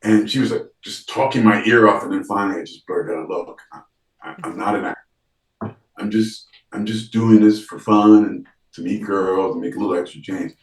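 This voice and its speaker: Low-voiced man telling a story, echoey room. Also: normal speed, recorded from a distance. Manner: animated storyteller, acts out quoted dialogue, frequent restarts. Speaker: actor, interview guest. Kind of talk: storytelling in casual interview.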